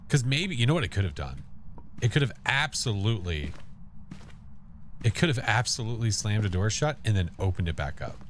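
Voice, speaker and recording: A man with a fairly low voice streams a horror game, swinging up and down in pitch as he jokes with chat and taunts the ghost. He talks into a desk microphone at home, with a faint room ambience underneath. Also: very animated, brisk, slight background noise. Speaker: gaming streamer.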